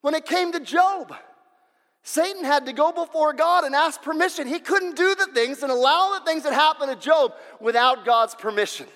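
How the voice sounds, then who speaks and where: Man, pastor's sermon, very high voice, emphatic, repeats himself, long hall reverb. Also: normal speed. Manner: emphatic and repetitive, swings between loud and hushed.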